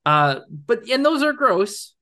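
A man's voice: very high voice, very animated, takes it slowly, bright, forceful tone. A young man co-hosting a film podcast, talking enthusiastically in a rambling way with fillers and laughs. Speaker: podcast co-host. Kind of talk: casual film discussion.

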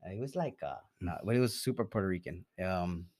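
A man's voice: low-pitched, animated, fast talker, a little mellow. A young man chatting casually on a podcast, rambling and swearing, often trailing off and laughing between thoughts. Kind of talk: casual chat.

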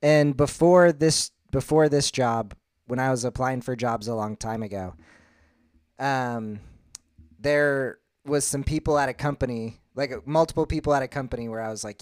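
A man co-hosting a casual podcast chat, curious and asking questions, telling stories in a relaxed way. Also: medium pitch, moderate pace, no room sound, studio quality. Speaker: podcast co-host.

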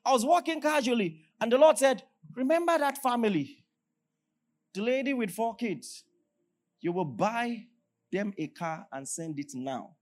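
A man with a Nigerian accent preaching a sermon as pastor, swinging between loud declarations and hushed storytelling. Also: extremely high pitch, expressive, unhurried. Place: large church hall.

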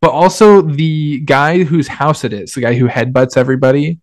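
A man's voice: a little high, moderate pace, dry recording, clean studio sound. Young man in rambling casual chat. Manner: rambling, heavy with "like" fillers. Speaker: podcast co-host. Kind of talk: casual film review chat.

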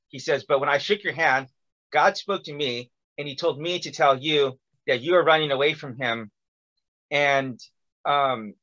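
A man's voice: fairly high pitch, lo-fi sound. A man telling a long personal story in casual conversation, acting out quotes with lots of fillers. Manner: animated, acts out quotes with many fillers.

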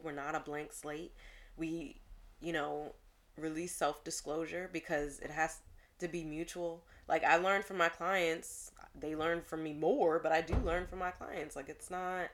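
A woman's voice: deep voice, normal speed. A woman in her thirties, a therapist, chatting casually and telling stories with lots of laughter and slang. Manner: animated storyteller, laughs often, casual slang. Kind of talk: casual podcast conversation.

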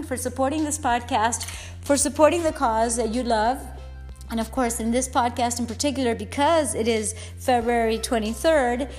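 A high-pitched woman hosts a fitness podcast, talking straight from the heart. She sounds upset and close to tears, earnest throughout. Soft music plays faintly in the background. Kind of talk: personal podcast monologue.

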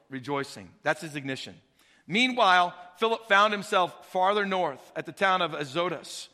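A man preaching a sermon, telling the story with animated energy and acting out the dialogue. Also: sits high. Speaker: pastor. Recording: long hall reverb.

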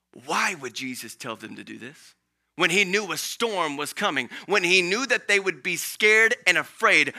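A male pastor preaching a sermon, swinging between hushed lines and loud emphatic ones, acting out the voices in the story he tells. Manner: preaching with dramatic swings of loudness and pitch, acting out quoted voices.

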